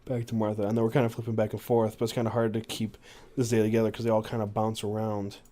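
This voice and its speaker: A man's voice: fairly low pitch, monotone, fast, warm tone. A man hosting a podcast who reads long passages from a book aloud and chats loosely between them, with many fillers. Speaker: podcast host.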